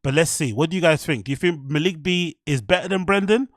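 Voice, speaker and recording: A man with a slightly higher voice hosts a podcast, giving chatty, opinionated reactions to a clip. He is recorded on a close, dry mic with no room sound. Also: quick pace, no room sound. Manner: chatty, opinionated, talks straight to the viewers. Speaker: podcast host. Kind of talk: casual commentary reacting to a clip.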